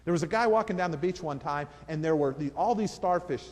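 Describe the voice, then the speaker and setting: A man's voice: a little high, a little fast, in a large hall. A man giving a motivational talk, telling parables and repeating phrases for emphasis. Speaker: motivational speaker.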